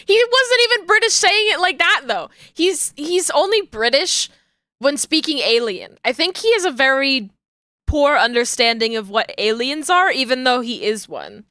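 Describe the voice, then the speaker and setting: A woman's voice: sits high, expressive, moderate pace, sharp tone, no room sound, studio quality. A woman streaming live, chatting casually and playfully with her viewers and giggling while she works. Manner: playful and giggly, talks to chat while working.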